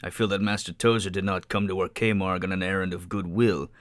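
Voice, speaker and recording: A man reading a stern, suspicious soldier in a blunt, measured way. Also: low voice, fairly even intonation, no room sound, natural voice.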